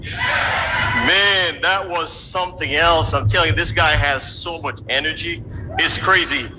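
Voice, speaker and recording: Excited male emcee hyping a crowd. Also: a little high, unhurried, background noise. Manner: excited crowd hype, calling out praise.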